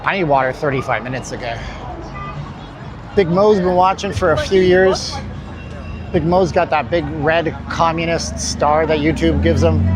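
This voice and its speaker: A man hosting a casual walking livestream, tired and winded, rambling and joking as he talks to his chat. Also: a little high. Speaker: livestream host. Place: city street outdoors. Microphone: handheld phone. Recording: phone mic on a noisy street.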